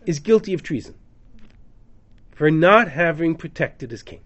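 A man's voice: a little high, animated, measured pace. A man teaching a text study class, reading Hebrew verses aloud and translating them dramatically. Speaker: Torah teacher. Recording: dull lo-fi class recording.

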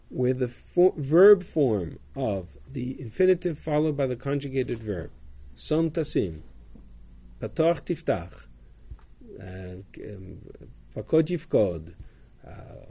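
A man's voice: mid-range voice, gravelly, mellow, husky, dull audio. A man teaching a Torah class, explaining Hebrew verses and their translations, with frequent ums and uhs. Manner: explanatory, chanting Hebrew verses, many fillers.

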